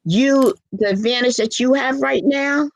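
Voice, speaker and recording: A middle-aged woman hosts a casual live-stream chat, speaking earnestly and with feeling as she reads viewer comments aloud. Her voice sits high and is creaky, at a measured pace, with no echo.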